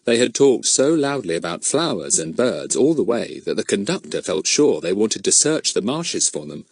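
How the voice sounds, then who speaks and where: A man narrating a children's storybook with lively storytelling. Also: fairly low pitch, moderate pace, creaky, husky, no echo. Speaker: audiobook narrator.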